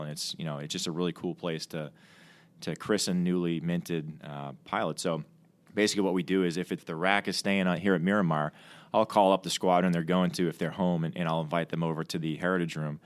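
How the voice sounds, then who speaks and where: Low-voiced fast-talking man with restarts. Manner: rambling with frequent restarts and fillers. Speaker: Navy fighter pilot and training officer. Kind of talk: casual conversational storytelling. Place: podcast studio.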